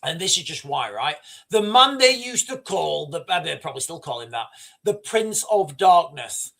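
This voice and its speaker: A man's voice: fairly high pitch, moderate pace, creaky. A middle-aged man hosting a livestream, ranting casually with lots of swearing and rambling asides. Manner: profane, rambling, animated storytelling. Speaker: livestream host.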